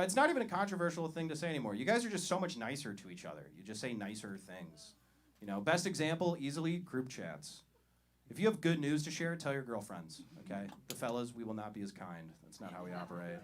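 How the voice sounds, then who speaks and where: A young man doing a stand-up set as the comedy show host, talking in a conversational, deadpan way on a handheld mic in a live venue. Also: mid-range voice, noisy background. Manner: conversational, deadpan delivery with loud hype-up. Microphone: handheld stage mic. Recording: live crowd audible. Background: audience laughter.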